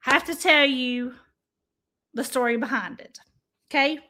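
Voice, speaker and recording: A woman talks to her livestream viewers in an easy, chatty way. Her voice sits high, and she speaks at an unhurried, drawn-out pace, often turning to her audience as y'all. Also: sharp tone. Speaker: livestream host. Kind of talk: casual livestream chat.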